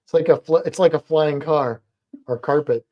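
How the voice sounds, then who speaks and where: A woman's voice: low-pitched, moderate pace, lo-fi sound. A woman co-hosting a casual livestream, playful and chatty, making silly noises and baby talk to a pet. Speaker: livestream co-host.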